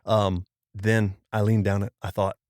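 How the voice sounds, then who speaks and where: A man's voice: lowish voice, little pitch movement, slow, darkish tone. A man from Florida, a pastor, telling a personal story as a podcast guest in a casual, slangy way, acting out what people said. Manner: casual, slangy storyteller who acts out quoted speech.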